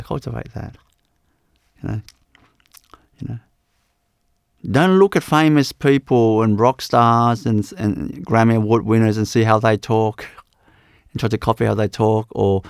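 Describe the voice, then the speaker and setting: A man giving a live spiritual talk as teacher, unhurried and repeating his phrases with many "you know"s. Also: lowish voice, fairly even intonation, creaky, darkish tone, smooth, no echo, studio quality.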